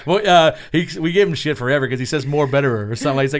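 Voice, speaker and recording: Fast-talking, profane man telling stories. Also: mid-range voice, clear, resonant tone. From Long Island, New York. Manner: profane, animated storyteller acting out quotes. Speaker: racing spotter, guest. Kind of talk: casual storytelling.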